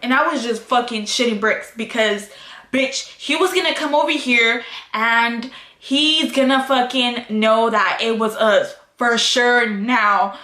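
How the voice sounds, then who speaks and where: A woman's voice: on the high side, unhurried, bright, forceful tone. A woman vlogger telling a casual story, swearing constantly and switching into Spanish. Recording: echoey room.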